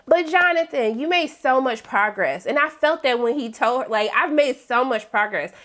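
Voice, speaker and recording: Animated high-voiced woman recapping TV. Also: moderate pace. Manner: animated, acts out characters with exaggerated reactions. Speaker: TV recap host. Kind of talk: casual TV recap.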